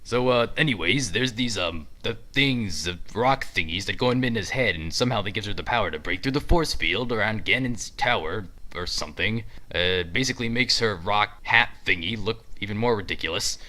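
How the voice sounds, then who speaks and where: A man's voice: on the low side, animated, moderate pace, hardly any pauses, bright, forceful tone. A man narrating a comedic parody with sarcastic, rambling asides and fumbled words.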